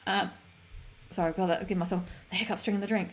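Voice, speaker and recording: A woman's voice: medium pitch, steady tone, quick pace. A woman hosting a casual stream, reading out chat messages in an upbeat, giggly way with lots of fillers. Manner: chatty, upbeat, giggly, many fillers and restarts.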